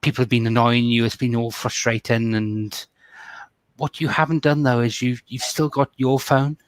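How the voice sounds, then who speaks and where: A man running a tabletop role-play session and describing scenes in a brisk, explanatory way. His voice sits in the ordinary middle range. The recording is dry and close. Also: medium pitch, little pitch movement, no room sound. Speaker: game master. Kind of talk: narrating a tabletop game over a call.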